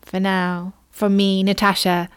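Slow, measured woman storyteller. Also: medium pitch, monotone, clean tone. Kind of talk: storybook narration.

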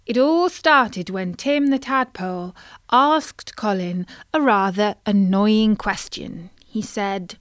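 A woman telling a children's story in a playful, expressive way. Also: medium pitch, takes it slowly, no room sound.

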